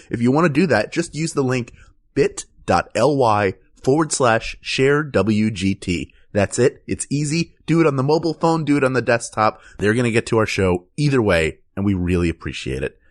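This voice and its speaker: A man co-hosting a comedy podcast, playful and quick with mock-serious jokes. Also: medium pitch. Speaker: podcast co-host.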